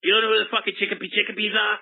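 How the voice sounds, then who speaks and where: A man voicing a gruff, foul-mouthed baseball mascot who calls in to a comedic advice show, combative and rambling. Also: high-pitched, little pitch movement, racing, phone-quality sound, pitched above the performer's own voice. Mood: aggrieved. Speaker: caller.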